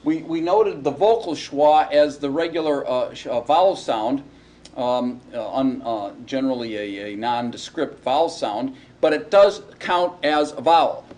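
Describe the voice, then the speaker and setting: A man teaching a Hebrew grammar lesson in a recorded lecture, speaking haltingly with many ums and restarts. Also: medium pitch, a little mellow. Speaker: Hebrew instructor.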